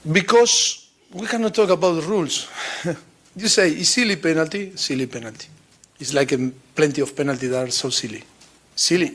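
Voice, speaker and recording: A man whose first language is Spanish, answering at a press conference as a football coach in halting English with many pauses and restarts. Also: a little high. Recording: played clip from press conference.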